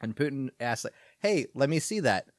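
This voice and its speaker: A man's voice: mid-range voice, sing-song, moderate pace, dry recording, studio quality. A man on a podcast telling a story casually, with lots of fillers and restarts. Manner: rambling, filler-heavy. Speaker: podcast co-host.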